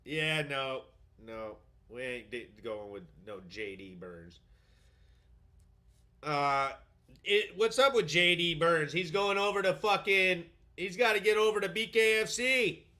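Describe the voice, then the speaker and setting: A man's voice: on the high side, takes it slowly, pushed and bright. A man hosting a live show, ranting heatedly and swearing as he reacts to a fight event and his chat. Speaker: host. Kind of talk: livestream rant reacting to chat.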